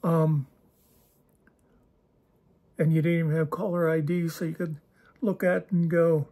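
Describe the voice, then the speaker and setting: A man with a mellow, slightly husky voice talks straight to camera as the host of his own channel. He rambles from one thought to the next, wry and self-deprecating, often losing his thread and then picking it back up. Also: on the high side, fairly even intonation, takes it slowly, pauses often. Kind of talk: casual rambling monologue.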